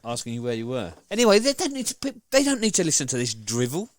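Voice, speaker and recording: A man's voice: fairly high pitch, wildly swooping pitch, quick pace, no echo, clean studio sound. A middle-aged man hosting a podcast, good-humoured and defensive in banter with his son. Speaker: podcast host. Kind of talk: casual banter.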